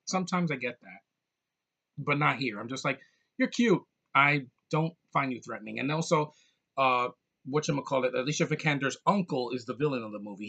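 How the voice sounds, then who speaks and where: Male reviewer, casual monologue, bright voice, blunt and jokey, rambles with fillers. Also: mid-range voice. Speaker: movie reviewer.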